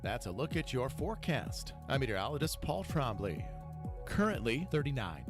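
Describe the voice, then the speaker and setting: A man reading a scripted radio weather forecast in an even announcer delivery. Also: mid-range voice, normal speed. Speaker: meteorologist. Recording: radio read over clear music bed.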